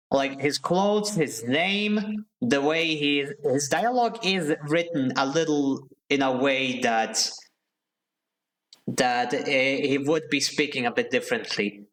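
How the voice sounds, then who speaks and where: A man's voice: fairly high pitch, fairly bright tone. Chatty male game streamer. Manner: chatty, thinks aloud, answers chat. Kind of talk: casual live game commentary.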